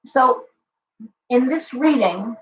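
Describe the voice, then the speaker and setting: A woman's voice: sits high, animated, takes it slowly, slight background noise. A woman hosting a live-stream tarot reading, chatty and reassuring, talking straight to her viewers while she is losing her voice. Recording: roomy, slightly dull live-stream audio.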